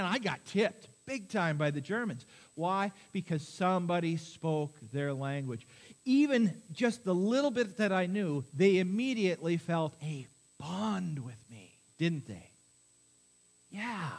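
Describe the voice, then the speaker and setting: A man preaching a sermon as pastor to his congregation, lively and quizzing the listeners with questions. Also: fairly high pitch. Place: church.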